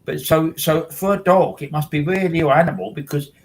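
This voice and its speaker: A man's voice: a little high, a little fast, a little hiss or hum, poor audio. A man, hosting a casual chat and rambling with many restarts and repeated words. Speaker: host.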